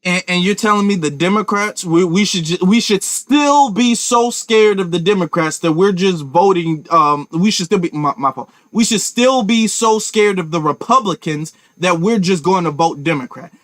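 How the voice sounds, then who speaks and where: A man's voice: high voice, normal speed, hardly any pauses, fairly bright tone, no room sound. A man giving emphatic political commentary to his viewers, with lots of restarts. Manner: emphatic, talks to viewers directly, repeats and restarts. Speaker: commentary channel host.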